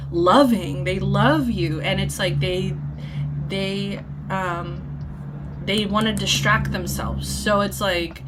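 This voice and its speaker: Casual tarot reader, woman, unhurried and giggly, filler-heavy rambling. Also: medium pitch, slight background noise. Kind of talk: casual tarot channeling video. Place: at home.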